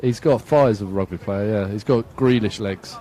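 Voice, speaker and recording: A man's voice: fairly low pitch, moderate pace, dark tone. A man from England giving casual, self-mocking live commentary at an outdoor football match, laughing often and reading out viewer comments.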